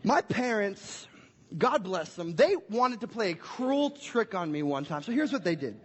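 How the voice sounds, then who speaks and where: A young pastor gives a family sermon in a very high, husky voice. He is playful and energetic, slipping into little acted scenes. The church hall lends it a long, echoing reverb. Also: a little slow.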